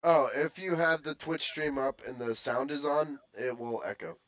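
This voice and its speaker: A man's voice: on the high side, normal speed, fairly bright tone, no room sound, lo-fi sound. A man co-hosting a casual podcast, chatting and joking. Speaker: podcast co-host.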